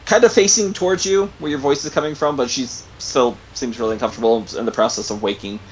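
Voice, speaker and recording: A man narrating a tabletop game as game master, halting often with ums and restarts. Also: mid-range voice, a little hiss or hum, low-quality recording. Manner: halting, many ums and likes.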